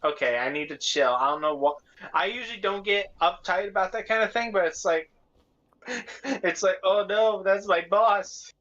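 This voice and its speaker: A man's voice: high-pitched, moderate pace, pushed and bright. A man co-hosting a casual chat, rambling with many fillers and laughing often. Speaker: podcast co-host. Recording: dull lo-fi sound.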